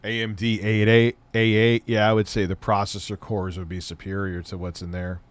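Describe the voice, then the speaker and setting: A man's voice: fairly low pitch, monotone, moderate pace. A middle-aged man hosting a live stream, chatting loosely and rambling, with casual swearing. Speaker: streamer host.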